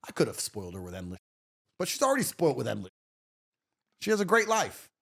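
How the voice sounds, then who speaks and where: A man's voice: mid-range voice, huge pitch swings, fast talker, gravelly, fairly bright tone. A man talking as a podcast guest in a casual chat, brash and profane, telling stories with swagger.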